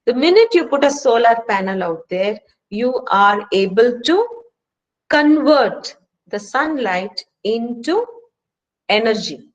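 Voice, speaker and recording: A woman's voice: fairly high pitch, animated, slow pace, low-quality recording. A woman with an Indian English accent leading a stress management workshop and speaking earnestly, with emphatic rhetorical questions. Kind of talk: online workshop lecture. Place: home, speaking remotely.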